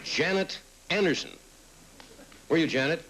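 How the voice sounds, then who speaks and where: A man's voice: fairly high pitch, moderate pace, over a noisy crowd, very noisy. A middle-aged man hosting a late-night talk show, reading audience cards aloud and teasing them with wry quips. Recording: old TV broadcast with loud audience. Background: studio audience laughing.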